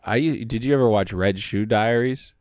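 A young man with a fairly low voice rambles through casual podcast banter, piling up filler words and crude jokes. His voice sounds close and dry, with no room around it. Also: moderate pace, darkish tone, clean tone, no room sound. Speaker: podcast co-host. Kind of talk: casual comedic chat.

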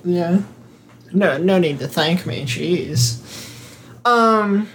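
A man hosting a podcast, talking in a distracted, mumbling, deadpan way with halting restarts. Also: high-pitched, slight background noise. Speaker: podcast host. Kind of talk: deadpan comedic banter.

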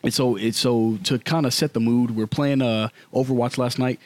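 A man's voice: mid-range voice, steady tone, normal speed, a little mellow, no room sound. A man in his thirties, a podcast co-host, telling candid stories in casual chat full of slang. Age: 30s.

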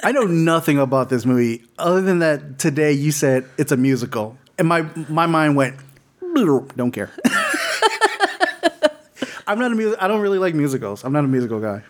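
A man's voice: fairly high pitch, expressive, a little fast. A man in his thirties co-hosting a podcast, chatting casually, rambling, swearing and laughing often. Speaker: podcast co-host. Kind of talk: casual chat.

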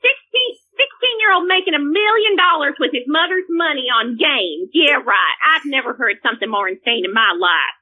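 A woman's voice: high voice, lively intonation, normal speed, few pauses. A woman calling in to a comedy show and ranting indignantly, talking over the host. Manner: brash, indignant, talks over others. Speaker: caller. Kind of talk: comedic call-in rant. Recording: phone line.

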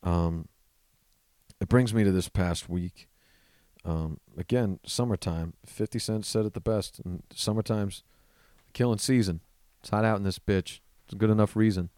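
A man in his thirties with a lowish voice tells a story on his own podcast. He talks in a loose, swearing, rambling way, often restarting his sentences. The recording is dry and close, with no room sound. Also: normal speed, darkish tone, no room sound. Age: 30s. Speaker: podcast host.

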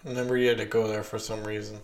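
A man's voice: on the low side, level tone, roomy sound. A young man hosting a casual podcast with his wife, talking with many hesitations. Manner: slow, hesitant, many ums. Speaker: podcast host. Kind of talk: casual chat.

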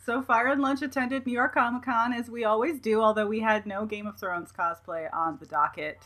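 Woman podcast host, bright tone, fairly high voice, animated casual chat. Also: measured pace. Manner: animated, laughing, quotes herself in voices.

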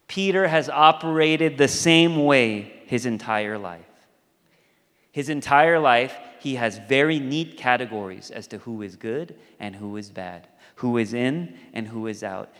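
A man's voice: a little high, a bit bright. A male pastor delivering a sermon in a conversational, storytelling way. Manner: conversational storytelling, acts out quoted voices. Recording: long hall reverb.

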